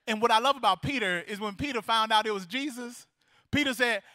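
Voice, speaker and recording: A male pastor preaching a sermon, animated and building to loud, fervent praise, acting out voices from the story. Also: very high voice, a little fast, no room sound, studio quality.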